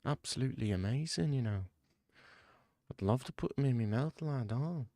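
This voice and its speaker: A man voicing a fawning northern English fighter in a whispered role-play, hushed and gushing and calling everyone "lad". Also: mid-range voice, lively intonation, moderate pace, dry recording, studio quality, lightly acted.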